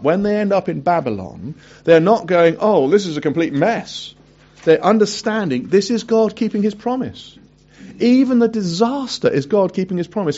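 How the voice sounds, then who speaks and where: A man preaching a sermon who asks his listeners questions and reads scripture aloud in a hushed voice. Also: a little high. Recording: dull lo-fi recording.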